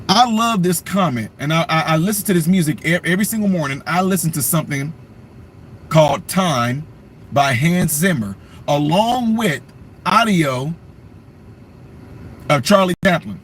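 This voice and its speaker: Man, political commentary vlog, emphatic, ranting, high voice. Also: expressive, moderate pace, fairly bright tone, slight background noise. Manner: emphatic, ranting, talks straight to viewers.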